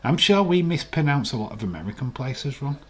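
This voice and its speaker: Speaking briskly and expressively, this man has a mid-range voice with a breathy edge. He is a Yorkshire-accented live stream host from West Yorkshire, England, bantering playfully and argumentatively with viewers during a casual watch-along.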